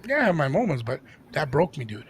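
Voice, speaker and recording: A man co-hosting a podcast, telling a story in a casual, animated way and dropping into Spanish now and then. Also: fairly high pitch, fast, a little hiss or hum. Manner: animated, jumps into impressions, code-switches into Spanish. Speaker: podcast co-host and DJ.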